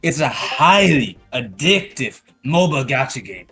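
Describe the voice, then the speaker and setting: A man voicing Damien, a smug demon character in a comedy game, with a slow, drawling delivery. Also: medium pitch, big pitch swings, pushed and bright, breathy edge, faint music behind, exaggerated voice.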